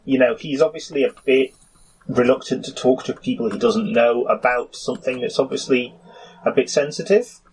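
A man narrating a tabletop game as game master, halting and full of "you know", with restarts. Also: mid-range voice, darkish tone, a little hiss or hum, low-quality recording.

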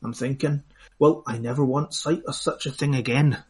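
A man reading out a handout as a rough-spoken soldier describing a grisly scene. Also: medium pitch, fairly even intonation, moderate pace. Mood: grim. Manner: blunt, coarse dialect grammar. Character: rough-spoken male soldier recounting a gruesome find.

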